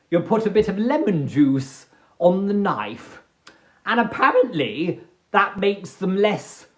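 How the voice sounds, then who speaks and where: A theatrical British man with a high voice that swoops all over the place, speaking slowly as if savouring every daft line, heard in an echoey room. He hams it up for his live viewers. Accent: British English. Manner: hammy, singsong, drifts into silly voices and humming. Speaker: live-stream host answering viewer prompts. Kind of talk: playful, theatrical chat. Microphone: phone.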